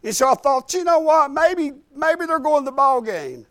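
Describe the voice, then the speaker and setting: A man's voice: very high voice, animated, normal speed, fairly bright tone. A man, preaching in a folksy, rambling storytelling way and repeating "I said" as he goes. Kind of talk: sermon storytelling.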